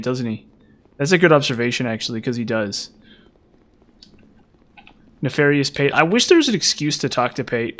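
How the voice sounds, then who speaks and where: This gaming streamer, a man with a slight Utah accent, chats casually with his live-stream viewers in a medium-pitched, somewhat bright voice. He rambles, repeats words and leans heavily on fillers.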